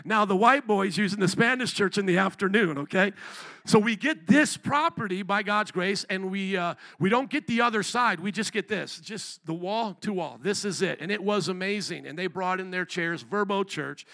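A man's voice: sits high, normal speed, gravelly, pushed and bright. A man preaching as a pastor at a church service, telling a story in a casual, conversational way. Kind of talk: sermon.

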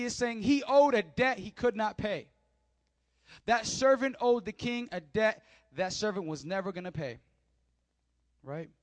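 A male pastor delivers a sermon in a notably high voice, recorded dry with no room sound. He reads scripture aloud, then drives the point home to his congregation with emphatic repetition and direct questions. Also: no echo. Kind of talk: sermon with bible reading.

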